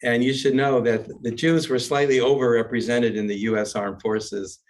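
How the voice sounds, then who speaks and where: An older man teaching as a rabbi, chanting a warm-up and then telling jokes in a wry storyteller's way. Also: medium pitch, steady tone, moderate pace. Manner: wry storyteller, chuckles at his own jokes. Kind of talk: class talk with joke-telling and chanting.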